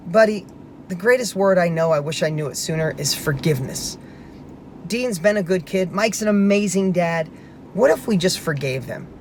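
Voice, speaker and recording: A man's voice: fairly high pitch, a little hiss or hum. A man hosting a motivational talk, telling a personal story earnestly and emphatically, restarting his sentences now and then. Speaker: host.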